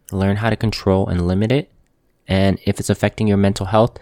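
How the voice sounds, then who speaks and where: A tattoo artist hosts a motivational talk to camera, calm, earnest, and plainspoken, repeating phrases for emphasis. His voice is low and creaky, recorded with clean studio sound and no echo.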